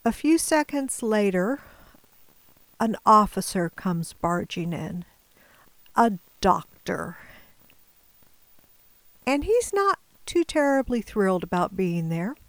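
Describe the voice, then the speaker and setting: A woman telling a personal story in a measured, deliberate way, now and then dropping to a whisper. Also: medium pitch, very animated, dry recording, rough recording.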